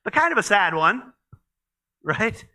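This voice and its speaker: A man's voice: high voice, very animated, measured pace, pushed and bright. A man giving a midweek church teaching in a conversational way, with frequent fillers and restarts. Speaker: pastor.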